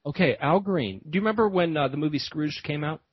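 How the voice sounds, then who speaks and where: A man's voice: on the high side, fast, husky, no room sound. A man hosting a podcast, telling a rambling story with lots of fillers and restarts. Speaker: podcast host. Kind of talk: casual storytelling. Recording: dull lo-fi podcast audio.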